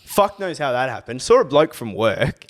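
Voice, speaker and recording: A man's voice: mid-range voice, sing-song, moderate pace. A young Australian man co-hosting a podcast, telling a rambling, sweary story in casual chat. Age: young adult. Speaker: podcast co-host.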